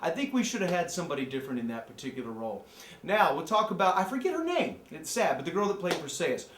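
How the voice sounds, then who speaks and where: A man giving a joking, excitable movie review rant, from the American Midwest. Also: fairly high pitch, fast, reverberant. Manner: joking, excitable, jumps into mocking voices. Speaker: amateur movie critic.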